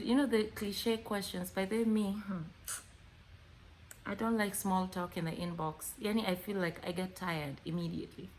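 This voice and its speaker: A woman with a Kenyan accent talking casually to camera, animated, acting out both sides of chats and mixing in Swahili words. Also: mid-range voice, moderate pace, slight background noise. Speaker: vlogger.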